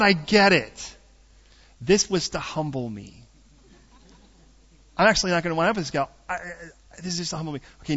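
Animated middle-aged male preacher, lo-fi. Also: on the high side. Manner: animated, jokey, swings between loud bursts and hushed asides. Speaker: pastor. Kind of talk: storytelling sermon. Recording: dull lo-fi sound.

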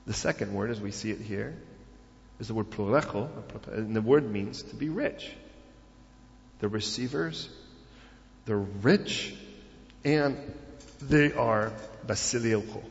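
A man's voice: lowish voice, slow pace, creaky, pauses often. Man preaching, chatty sermon, rhetorical questions, long echo, muffled lo-fi sound. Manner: conversational, rhetorical questions, filler phrases. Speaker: pastor.

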